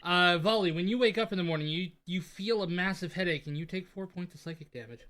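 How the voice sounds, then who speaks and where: Man, game master, easygoing, laughs a lot, slightly high voice. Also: fast talker, a bit bright. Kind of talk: running a tabletop game online.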